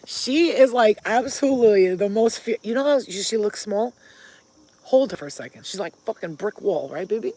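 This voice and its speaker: A woman's voice: fairly high pitch, expressive, moderate pace, a little mellow. A woman vlogger telling stories to camera in a blunt, profane way, breaking off to talk baby talk to her pets. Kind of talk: casual storytelling to camera.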